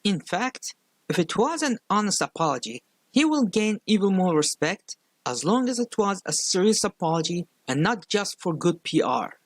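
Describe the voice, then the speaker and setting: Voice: medium pitch, sing-song, moderate pace, dry recording. A YouTube critic with a non-native English accent, earnestly delivering spoken commentary.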